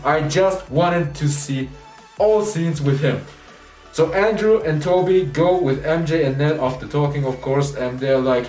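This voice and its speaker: A man excitedly retelling movie scenes in a rambling spoiler review, acting out the characters' lines as he goes. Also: a little high, measured pace. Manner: enthusiastic, rambling, acts out quoted lines. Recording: roomy echo, distant mic, faint music.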